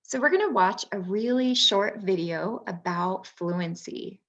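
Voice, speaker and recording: A woman and former teacher presenting a workshop for parents, explaining things patiently with frequent pauses. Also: medium pitch, fairly bright tone, muffled recording.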